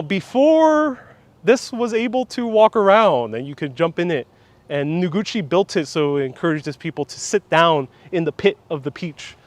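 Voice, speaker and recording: Man casually retelling a folk tale outdoors. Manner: lively, casual retelling with pitch swings and fillers. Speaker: tour guide host. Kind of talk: casual storytelling tour. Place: outdoor sculpture park. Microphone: wireless clip-on mic.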